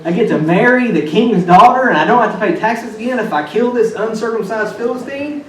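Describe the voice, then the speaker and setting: A man acting out an eager, cocky young shepherd boy in a sermon, sounding excited and incredulous. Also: high-pitched, brisk, pitched above the performer's own voice, close to an everyday voice. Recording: echoey room from far off.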